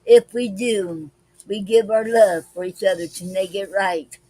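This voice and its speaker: A woman hosting a live-stream poetry club, reading her own poems aloud slowly and deliberately between casual remarks with fillers. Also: medium pitch, dark tone, slightly rough, no room sound, rough recording. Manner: slow deliberate reading with many pauses and fillers.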